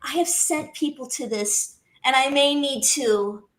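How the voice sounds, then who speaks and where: A woman chatting as a guest on a podcast, animated and quick to laugh, into a studio condenser mic. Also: sits high. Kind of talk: casual podcast chat.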